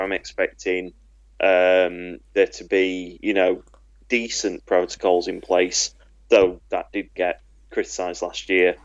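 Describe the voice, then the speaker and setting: A man's voice: sits low, no echo, highs cut off. A man standing in as podcast co-host, joking and rambling with frequent restarts. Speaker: guest co-host. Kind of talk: casual podcast chat.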